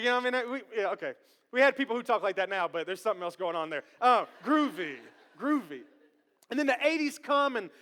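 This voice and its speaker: A man in his thirties preaching a sermon as pastor, animated and joking with the congregation. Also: very high-pitched. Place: church sanctuary. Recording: long church hall reverb.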